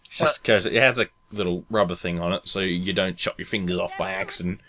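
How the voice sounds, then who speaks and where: A man giving casual commentary on a cartoon episode, making deadpan jokes and rambling off on asides. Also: sits low, a little fast. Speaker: commentary co-host.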